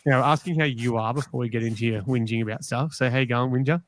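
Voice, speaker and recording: A man's voice: mid-range voice, fast, slight background noise. An Australian man hosting a casual live podcast, teasing and joking with his panel. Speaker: podcast host. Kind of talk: casual live-stream chat.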